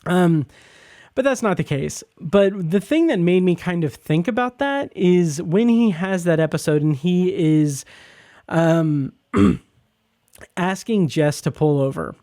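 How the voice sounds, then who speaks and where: Rambling man with a mellow voice. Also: high voice, lively intonation, dry recording, studio quality. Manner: halting, many fillers and restarts, enthusiastic. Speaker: podcast host reviewing a TV episode. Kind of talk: casual spoken review.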